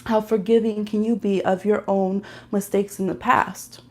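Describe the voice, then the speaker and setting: A woman in mid-range pitch doing a live tarot reading, talking straight to her viewers in a loose, conversational way. She laughs easily and often while she reads out the cards. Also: flat delivery, normal speed. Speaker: tarot and astrology reader.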